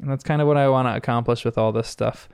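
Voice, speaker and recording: Earnest American man, gravelly and dry. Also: mid-range voice, steady tone, fast, a little mellow, no echo. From United States. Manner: earnest and reflective, with frequent chuckles. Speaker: podcast host. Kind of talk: podcast episode recap.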